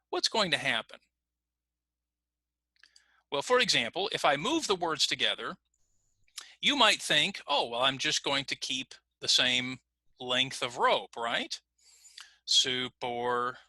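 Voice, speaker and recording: Man, middle-aged, ESL teacher, patient explaining, animated pitch, slightly high voice. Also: no echo. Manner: patient explaining, lively intonation. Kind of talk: recorded online lesson.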